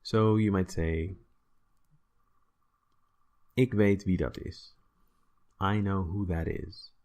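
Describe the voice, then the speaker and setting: A man's voice: sits low, steady tone, takes it slowly, a little mellow. A man explaining a language lesson in a casual, chatty way, full of fillers and checking with "right?". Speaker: language teacher.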